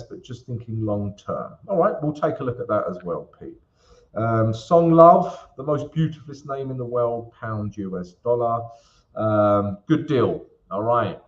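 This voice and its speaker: A man hosting a live market analysis stream, chatting casually and calling his viewers guys and mate. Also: medium pitch. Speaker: trading livestream host. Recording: dull lo-fi stream audio.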